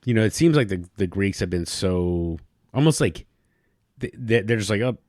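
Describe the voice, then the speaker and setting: A man's voice: lowish voice, lively intonation, moderate pace, darkish tone, no echo, studio quality. A man co-hosting a podcast, chatting loosely about a TV episode with many restarts. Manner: rambling, many restarts and fillers. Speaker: podcast co-host. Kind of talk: casual chat recapping a TV episode.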